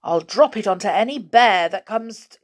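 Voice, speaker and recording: An excitable, boastful storybook magic man, voiced by a woman reading aloud, rattling off his lines quick and bossy. His voice leaps around with plenty of energy. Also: medium pitch, natural voice. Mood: fierce.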